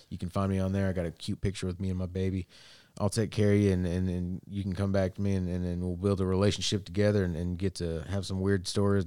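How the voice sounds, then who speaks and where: A man's voice: deep voice, dark tone, no echo. A man on a podcast as a guest, chatting casually and joking while he talks up his barber work. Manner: joking, rambling, self-promoting. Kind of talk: casual chat.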